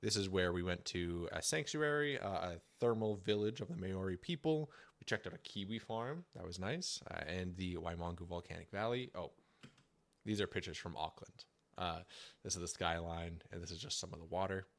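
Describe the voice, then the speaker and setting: A man's voice: deep voice, expressive, normal speed. A young man giving a casual, jokey livestream presentation on his trip, chatty and laughing often.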